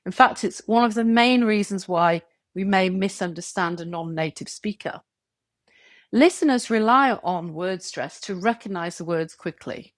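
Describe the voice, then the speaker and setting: A woman giving a scripted English pronunciation lesson, clear and measured, stretching example words to show stress. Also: mid-range voice, dry recording, studio quality. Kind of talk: scripted tutorial narration.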